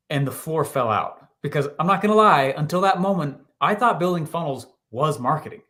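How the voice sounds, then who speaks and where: A man in his thirties, a podcast guest telling a story in lively fashion, laughing often and acting out what people said. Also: a little high, fairly quick, few pauses. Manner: animated, laughs often, acts out quotes. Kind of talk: storytelling interview answer.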